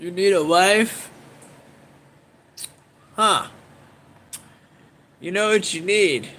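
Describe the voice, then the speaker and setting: A man's voice: high-pitched, very slow, bright, forceful tone. A man hosting a casual livestream, rambling and swearing as he reacts to viewer comments and laughs often. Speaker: livestream host.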